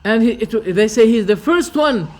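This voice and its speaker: A man's voice: high-pitched, lively intonation, normal speed, a little hiss or hum. A man giving a religious lecture to a class, restating each term in plain words and throwing rhetorical questions at his listeners. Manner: explains terms by restating them. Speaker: religious teacher.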